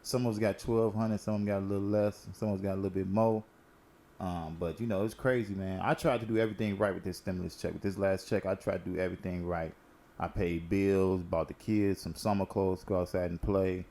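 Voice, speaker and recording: A man's voice: low-pitched, steady tone, a little fast, dark tone. Laid-back slangy man hosting casual commentary. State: smoking while talking. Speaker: host. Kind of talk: casual current-events commentary.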